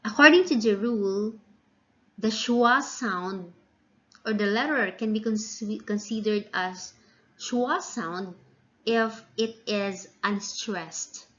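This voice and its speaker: A woman teaching a phonics lesson, drawing out each example word slowly and carefully. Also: mid-range voice. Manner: slow and deliberate, drawing out example words. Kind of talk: slow classroom phonics lesson. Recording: dull lo-fi recording.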